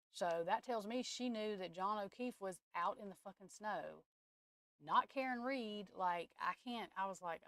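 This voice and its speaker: A woman's voice: medium pitch, creaky, a bit bright, dry recording. A woman, hosting a livestream from home and chatting bluntly and openly with her viewers, cursing now and then. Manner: chatty and blunt, curses, talks straight to her chat. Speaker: tarot reader and livestream host. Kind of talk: casual livestream chat.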